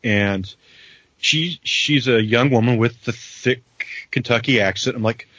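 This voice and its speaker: A husky man chats casually and tells a story with easy laughs. The sound is dull and a little muffled, and the dry recording has almost no room in it. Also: medium pitch, measured pace, sharp tone, no room sound. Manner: anecdotal, laughs while telling a story. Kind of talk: casual chat.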